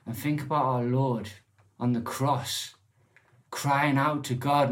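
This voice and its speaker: A man's voice: mid-range voice, steady tone, unhurried. A man preaching a sermon in church, earnest and conversational, with occasional restarts. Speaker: lay preacher.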